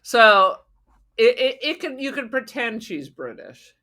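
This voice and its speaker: A woman co-hosting a podcast in casual chat, blunt and swearing, tossing in quick silly voices. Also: a little high, very animated, bright, forceful tone. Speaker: podcast co-host. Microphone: remote podcast mic.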